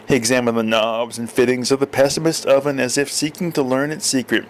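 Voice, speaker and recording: A man reading absurdist comic fiction aloud, deadpan and expressive. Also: mid-range voice, a little fast, hardly any pauses, a little hiss or hum. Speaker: storyteller.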